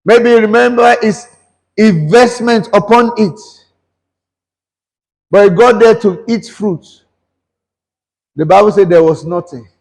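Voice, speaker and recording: A man's voice: high voice, measured pace, gravelly, pauses often, a little mellow, long reverb tail. A man preaching a sermon, questioning the congregation and mixing English and Yoruba. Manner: switches between English and Yoruba. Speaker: pastor.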